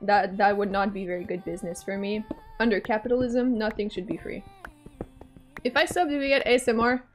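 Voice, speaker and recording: Speaking a little fast with fairly even intonation, this young adult woman chats with her stream from a desk mic at home, reading chat aloud, teasing playfully and laughing a lot. Her pitch is medium, and faint music plays behind her.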